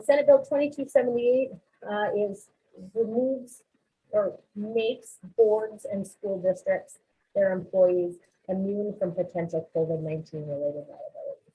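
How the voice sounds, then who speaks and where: A woman's voice: medium pitch, warm tone. A woman presenting a legislative recap for school boards in a businesslike way, with frequent ums and uhs. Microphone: online webinar call. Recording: tinny phone-like webinar audio.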